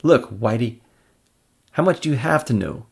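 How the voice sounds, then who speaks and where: Man doing a brash student activist, slangy, defiant, loud, gravelly. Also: mid-range voice, expressive, normal speed, voice pushed up. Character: brash young male student protest leader.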